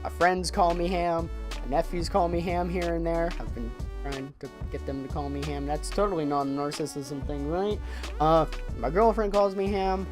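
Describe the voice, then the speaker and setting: A young man telling a story on his vlog, animated and profane, often repeating words as he gets excited. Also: a little high. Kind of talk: casual storytime monologue.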